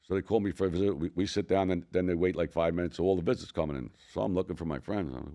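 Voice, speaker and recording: A man's voice: low voice, rapid-fire, creaky. An older man with a Philadelphia accent, telling rambling, profane stories as a podcast co-host. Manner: profane, rambling, animated storytelling. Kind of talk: casual storytelling.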